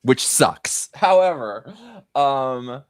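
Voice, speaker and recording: Animated storytelling man, dry close sound. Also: very slow, smooth, no room sound. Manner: chatty, storytelling, swings high in pitch when excited. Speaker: host. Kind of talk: casual live-stream chat.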